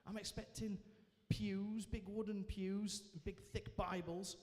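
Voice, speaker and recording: A man giving a personal testimony to a live audience, telling it as a lively story with self-mocking humour. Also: high-pitched, takes it slowly. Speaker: guest speaker sharing his testimony. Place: large church hall, indoors. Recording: reverberant church hall.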